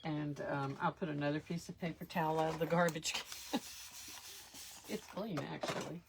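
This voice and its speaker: Low gravelly woman, slow and chatty. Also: fairly even intonation, background noise. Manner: chatty, rambling, self-deprecating. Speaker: craft livestream host. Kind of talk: casual live craft demonstration.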